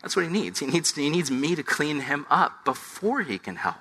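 A man in his thirties preaching a conversational sermon, acting out little scenes in lively voices. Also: fairly high pitch, moderate pace, breathy edge. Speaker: pastor.

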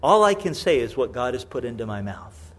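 A man's voice: medium pitch, very animated, brisk, pitched below the performer's own voice. A man voicing a stubborn, greedy male prophet who answers curtly.

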